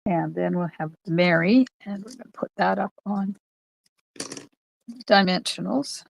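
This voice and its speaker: A woman's voice: on the low side, normal speed, creaky, darkish tone, dry recording, lo-fi sound. An older woman, a card-making instructor, chatting to viewers during a live-streamed craft tutorial in her home craft room. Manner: chatty, talks to viewers while stamping.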